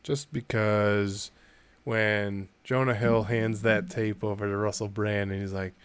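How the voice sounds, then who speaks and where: A man's voice: lowish voice, steady tone, measured pace, smooth, no echo. A man co-hosting a podcast in casual chat, often laughing as he retells movie scenes. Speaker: podcast co-host.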